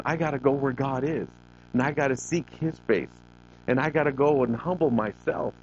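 Man preaching on a dull lo-fi recording. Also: medium pitch. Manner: preaching with emphatic rises and drawn-out words. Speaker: pastor. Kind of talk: sermon. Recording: dull lo-fi recording with faint noise.

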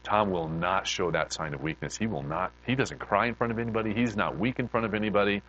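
A man's voice: on the low side, fast, dull audio, a little hiss or hum. Heartfelt, middle-aged man telling a testimony. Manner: heartfelt, repeats words, laughs and grows excited. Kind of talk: emotional storytelling testimony.

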